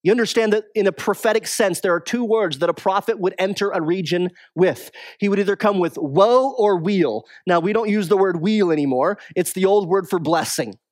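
A man preaching a sermon as pastor, moving between raised, urgent passages and quiet, low, drawn-out ones. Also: no echo, clean studio sound.

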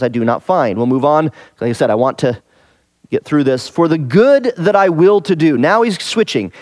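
A man's voice: fairly high pitch, no room sound, studio quality. A man teaching verse by verse through a scripture passage in a conversational way, asking rhetorical questions and repeating key phrases for emphasis. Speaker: Bible teacher.

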